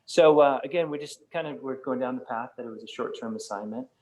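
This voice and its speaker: A man's voice: mid-range voice, quick pace, a little mellow, low-quality recording. A middle-aged man giving a casual, conversational talk to a church fellowship group, with many fillers and restarts. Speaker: guest speaker from a nonprofit campus.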